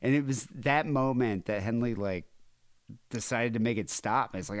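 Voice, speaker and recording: A man's voice: mid-range voice, normal speed, dry recording. A man co-hosting a true crime podcast in casual chat, with a dry, teasing manner. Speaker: podcast co-host.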